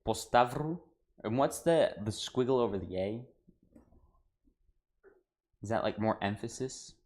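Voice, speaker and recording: A man's voice: medium pitch, expressive, a little slow, darkish tone. An American man on a cooking livestream, chatting casually and rambling to his viewers, saying "dude" a lot as he works in his home kitchen. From United States. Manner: talks to chat while cooking.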